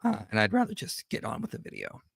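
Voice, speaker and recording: A man's voice: medium pitch, wildly swooping pitch, fast talker, vocal fry, a bit bright, breathy edge, dry recording, studio quality. A man hosting a livestream, giving conversational reaction commentary with frequent restarts and self-corrections. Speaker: host.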